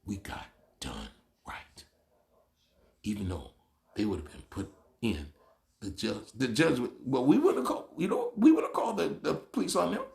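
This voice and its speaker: A man's voice: medium pitch, sing-song, moderate pace, gravelly, long pauses, darkish tone. A man talking straight to the camera in a casual, opinionated monologue, telling stories animatedly. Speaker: vlogger.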